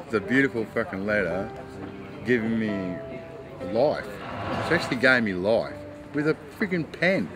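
A man's voice: on the low side, animated, normal speed, pauses often, music in the background. A middle-aged man speaking bluntly and emphatically, swearing freely as he recalls an event. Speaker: artist interviewee.

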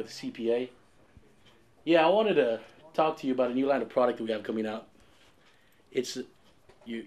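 A man acting in a scripted comedy sketch, talking calmly and then erupting into shouted tantrums at people who are not heard. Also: mid-range voice. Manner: talks to unseen people on phone and field.

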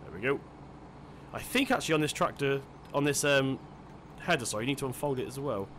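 A man's voice: medium pitch, brisk, fairly bright tone, slight background noise. A man giving casual let's-play commentary, chatty and self-deprecating, thinking aloud as he plays. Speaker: gaming channel host.

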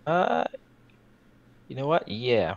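A man's voice: mid-range voice, huge pitch swings, slow, gravelly, lo-fi sound. A man playing a tabletop role-playing game, talking casually and muttering asides while he rolls. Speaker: player.

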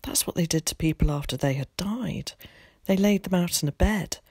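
A woman teacher reading a children's novel aloud in an expressive, measured storytelling voice. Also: fairly low pitch, husky, no echo, clean studio sound. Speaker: primary school teacher.

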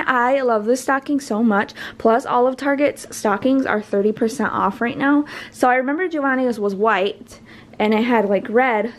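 A young woman chatting casually to her camera at home, rambling and often breaking off mid-sentence. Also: on the high side. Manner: rambling and self-interrupting, trails off mid-sentence. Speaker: vlogger. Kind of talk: casual vlog chat. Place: at home, indoors.

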